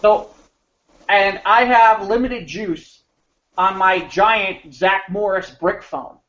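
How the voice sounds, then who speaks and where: A man's voice: high-pitched, takes it slowly. Man telling a rambling radio-days story. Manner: animated, rambling anecdote with frequent restarts. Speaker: podcast co-host. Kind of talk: casual storytelling chat. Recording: slightly muffled podcast audio.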